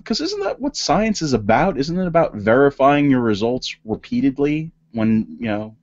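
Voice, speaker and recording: A man's voice: mid-range voice, very animated, normal speed, hardly any pauses. A man co-hosting a casual political podcast, talking in rambling sentences with many restarts and fillers. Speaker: podcast co-host. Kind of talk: casual panel chat. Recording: dull lo-fi audio.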